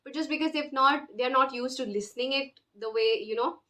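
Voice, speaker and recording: A woman teaching beginner French online, slowly repeating each phrase for learners to copy. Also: high-pitched, sharp tone. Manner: slow, drills phrases with repetition. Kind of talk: online language lesson.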